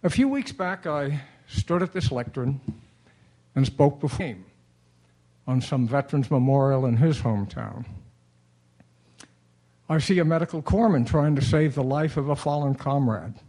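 A man's voice: medium pitch, lively intonation, moderate pace, warm tone. A man giving a formal, earnest public comment at a city council meeting. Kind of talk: prepared public comment speech.

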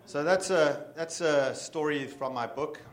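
A man's voice: fairly high pitch, measured pace, a faint crowd. A man telling a vivid story to an audience. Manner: vivid, dramatic storytelling with bursts of emphasis. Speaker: bird guide and author giving a talk. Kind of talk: live storytelling talk. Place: talk in front of an audience.

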